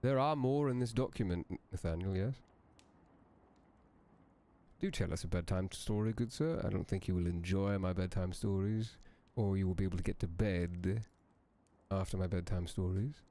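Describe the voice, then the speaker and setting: Playing a tome keeper, a man hosts a horror story stream and chats with viewers in theatrical, old-fashioned genteel language. His voice is low and dark, moving at a normal speed.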